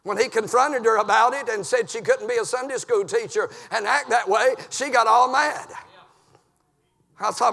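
A man preaching an impassioned sermon in a church, dropping to low murmurs and climbing to shouted peaks. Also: moderate pace, creaky, big-room sound.

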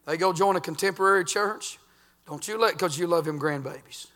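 An older man, a pastor preaching a folksy sermon that swings between loud and quiet. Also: high voice, brisk.

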